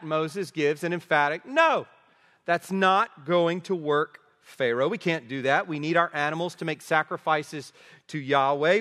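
Man preaching in a reverberant hall. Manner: emphatic, rising to forceful peaks and dropping low at phrase ends. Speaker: pastor. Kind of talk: sermon. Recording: long reverb of a large hall.

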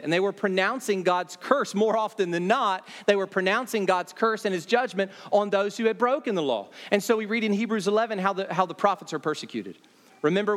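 A man preaching an expository sermon, emphatic and repeating key phrases, often dropping his voice low to land a point. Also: in a large hall. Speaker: pastor.

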